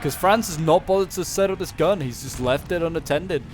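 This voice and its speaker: A man giving relaxed, unscripted commentary on a strategy game battle, thinking aloud with frequent pauses. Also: fairly high pitch, background noise.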